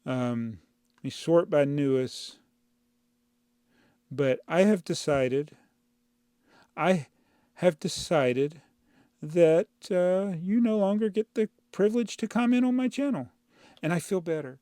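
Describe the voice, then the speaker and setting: This channel host's voice is on the high side, mellow and clean, and he speaks slowly with long pauses and no echo. In casual chat he works through viewer comments in a rambling, exasperated way that keeps dissolving into laughs, using a clip-on mic inside a brick-built housing in his home studio.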